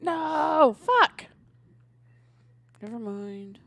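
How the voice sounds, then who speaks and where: A woman playing a streamed tabletop game, talking excitedly and quick to curse. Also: sits high, gravelly. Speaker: player.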